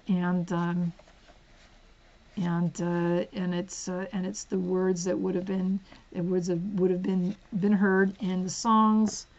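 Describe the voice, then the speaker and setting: Woman host, casual haul vlog, gravelly edge, giggly asides, slightly muffled home recording. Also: fairly low pitch. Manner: chatty, giggly, drifts into soft whispers while reading spines. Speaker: book vlogger.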